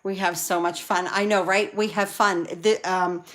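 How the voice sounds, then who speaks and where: A woman's voice: fairly low pitch, moderate pace, hardly any pauses. Chatty woman doing a live card demo. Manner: chatty, excitable, talks to viewers while working. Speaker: card-making demonstrator and team leader. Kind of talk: live crafting demo chat.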